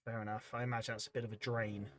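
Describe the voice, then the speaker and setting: A man's voice: lowish voice, little pitch movement, rapid-fire. A man hosting a casual livestream, rambling in an easygoing way as he reads out chat messages. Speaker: livestream host.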